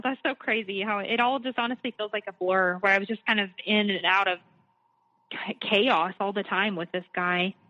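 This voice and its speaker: A woman's voice: mid-range voice, sharp tone. A woman guest telling her own story in a candid, earnest, conversational way, often restarting her sentences. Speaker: interview guest. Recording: dull lo-fi sound.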